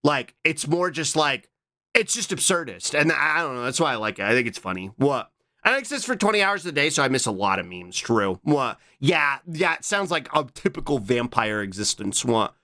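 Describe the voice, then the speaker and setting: A man chatting casually on a live stream, reading and answering his chat with quick, repeated "what?" interjections. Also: medium pitch, sing-song, pushed and bright.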